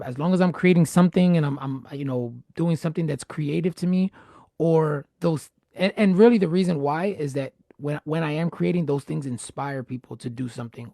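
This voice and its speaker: A man's voice: on the high side, vocal fry, warm tone, no room sound, clean studio sound. A man hosting a casual live-streamed chat, talking animatedly and repeating words when he gets going. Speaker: host.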